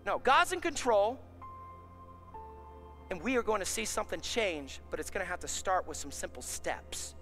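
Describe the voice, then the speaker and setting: A man preaching a sermon as pastor, impassioned, building up to shouts. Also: high-pitched, big pitch swings, normal speed, pauses often, faint music behind.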